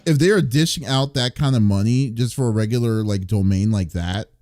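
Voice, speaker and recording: Male podcast host, lowish voice, dry close sound, loose rambling chat. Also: a little fast, a little mellow, no room sound. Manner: rambling, restarts while looking things up. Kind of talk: casual chat.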